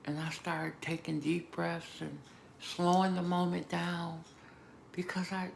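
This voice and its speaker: A woman vlogger giving an emotional, emphatic personal testimony, moving between hushed and loud moments. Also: on the low side, little pitch movement, takes it slowly, gravelly, a little hiss or hum. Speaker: vlogger sharing a personal story.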